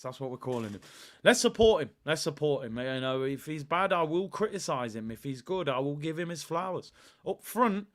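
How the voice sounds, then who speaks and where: A man with a mid-range, fairly bright voice hosts a live football watch-along stream. He chats casually but emphatically, repeats lines for effect, and answers viewers' comments.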